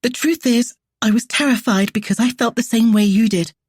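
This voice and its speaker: A woman's voice: medium pitch, normal speed, a little mellow, slightly rough, dry recording, clean studio sound, voice pushed up, lightly acted. A woman voicing a passionate, independent woman painter in a romance audiobook. She speaks earnestly and emotionally, and her voice shakes. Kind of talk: audiobook character voice.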